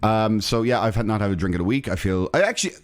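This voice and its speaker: A man's voice: fairly low pitch, lively intonation, fast talker. A man co-hosting a podcast, joking and rambling through casual banter with lots of restarts. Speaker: podcast co-host. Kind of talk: casual chat.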